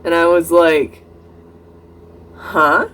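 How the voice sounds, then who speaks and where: A young adult vlogger tells a story in a casual storytime way, with a mid-pitched voice that jumps up whenever they act out quoted dialogue. They lean on "like" and "I'm like" as they go. A faint noise sits under the recording. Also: normal speed. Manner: animated retelling, acting out both sides of dialogue with rising pitch; frequent "like" and "I'm like" quotative fillers.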